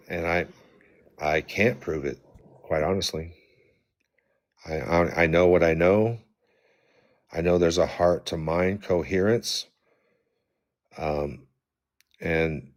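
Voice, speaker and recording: A man in a group discussion who defends his view calmly, giving ground and searching for words. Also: sits low, takes it slowly, pauses often. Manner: calm, conciliatory, hesitant. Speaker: discussion participant.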